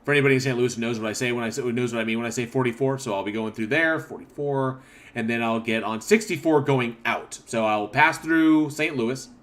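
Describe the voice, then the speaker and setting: A man from northern Oklahoma chats loosely on a livestream, reading comments out and talking in loose, restarting sentences. His voice sits at an ordinary middle pitch for a man. The talk is unscripted and easygoing. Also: fairly quick, fairly bright tone. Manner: rambling, restarts, reads chat aloud. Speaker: livestream host.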